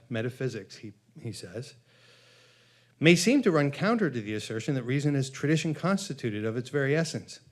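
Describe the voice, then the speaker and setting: A man giving a conference lecture, reading from his paper in a measured, halting way with frequent fillers and self-corrections, and reading long quotations aloud. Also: mid-range voice. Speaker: conference speaker.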